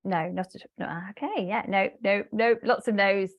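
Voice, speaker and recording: A woman business English trainer giving an online webinar, explaining step by step with frequent fillers and pauses. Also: mid-range voice, lo-fi sound. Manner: hesitant fillers, explanatory, talks to a live audience.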